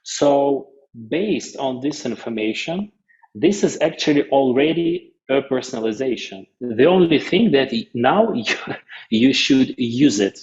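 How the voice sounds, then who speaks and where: A man presenting a business webinar in non-native English phrasing, halting often and restarting his sentences. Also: medium pitch, expressive, a little mellow, lo-fi sound.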